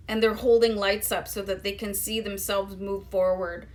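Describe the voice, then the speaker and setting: Speaking directly to viewers, an easygoing woman reads tarot in her mid-range, slightly bright voice. The reading is casual, loose, and chatty, sprinkled with plenty of "you know" and "um."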